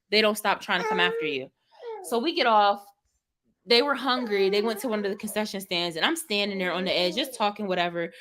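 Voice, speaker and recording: A young woman vlogger telling a story casually to her live chat, lively and laughing as she acts out what she said. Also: medium pitch. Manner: animated, laughing, dramatic retelling with quoted exclamations.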